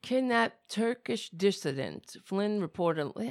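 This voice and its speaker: A woman with a cracking, raspy voice, talking casually at home in a rambling, swearing vlog. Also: low voice, lively intonation, unhurried, no room sound, clean studio sound. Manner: swears freely, rambles and talks to her cats.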